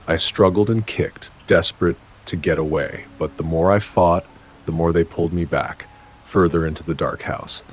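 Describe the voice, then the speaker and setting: Male horror-story narrator, deep low voice, measured dramatic reading, faint hiss behind. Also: fairly even intonation. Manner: measured, dramatic delivery with short halting phrases.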